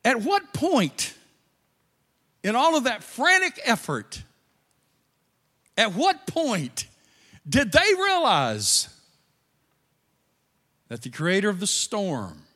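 A man preaching a sermon as pastor, animated, with quiet asides. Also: high-pitched. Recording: long reverb of a large hall.

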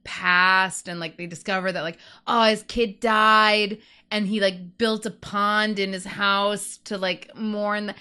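Woman cohost, bright tone, rambles with lots of "like". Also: mid-range voice, level tone, measured pace, hardly any pauses, clear, resonant tone. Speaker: podcast co-host. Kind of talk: casual chat.

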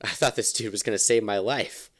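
A man's voice: fairly low pitch, brisk, a bit bright, slight background noise. A man playing a tabletop game in casual talk, joking and unsure of the rules. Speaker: player.

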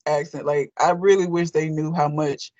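Relaxed speaker in dry casual chat. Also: mid-range voice, normal speed, dry recording, dull audio. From Alabama.

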